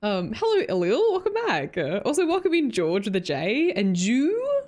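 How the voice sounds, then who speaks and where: A woman's voice: fairly high pitch, wildly swooping pitch, normal speed, a little mellow. A young woman with an Australian accent chatting casually with her live-stream viewers, laughing often and greeting them by name.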